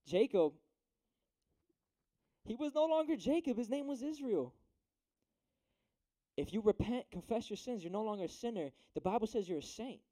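A man's voice: sits high, expressive, moderate pace, long pauses, mellow. A young man giving a casual youth sermon, slangy and chatty, often checking in with "right?". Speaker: youth preacher.

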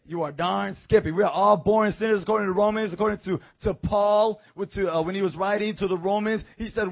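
Fervent high-voiced, gravelly male preacher. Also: steady tone, a little fast, hardly any pauses, lo-fi sound. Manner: fervent, swings from low storytelling to shouting praise. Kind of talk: evangelistic sermon.

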